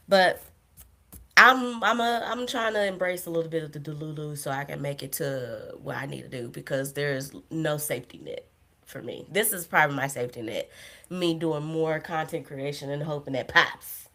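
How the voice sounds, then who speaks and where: A young woman with a low, deep-set voice hosts a casual solo livestream. She rambles from tangent to tangent with self-deprecating humor and laughs often. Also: expressive, normal speed, sharp tone. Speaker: podcast host.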